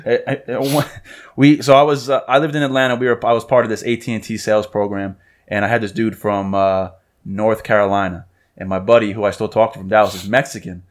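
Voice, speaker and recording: A man's voice: fairly low pitch, level tone, brisk. A man from New York hosting a podcast, telling stories casually and acting out what people said. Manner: storytelling, acts out quotes. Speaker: podcast host.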